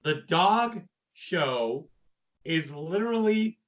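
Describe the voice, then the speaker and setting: A young man co-hosting a casual review chat, halting and stumbling over his words. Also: a little high, lively intonation. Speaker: podcast co-host. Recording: dull lo-fi mic.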